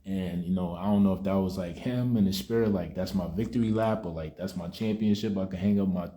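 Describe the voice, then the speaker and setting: A man's voice: deep voice, fairly even intonation, fairly quick, mellow. A young man speaking, telling a personal testimony in a rambling, subdued way full of "you know" fillers. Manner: subdued and reflective. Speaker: vlogger sharing a personal testimony. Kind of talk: casual spoken testimony.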